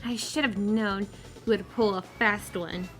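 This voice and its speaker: A woman's voice: medium pitch, steady tone, unhurried, soft background music, lightly acted. A woman voicing a determined young heroine warrior in a fan audio drama, speaking earnestly.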